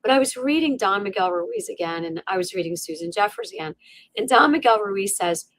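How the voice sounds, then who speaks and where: A middle-aged woman speaks as an interview guest, telling a personal story in a lively, conversational way. She keeps reaching for "you know" and "like" and slips into her own inner voice as she tells it. Her voice sits at an ordinary pitch and is recorded close and dry. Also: a little fast, dry recording. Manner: many fillers and restarts like "you know" and "like". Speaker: podcast guest.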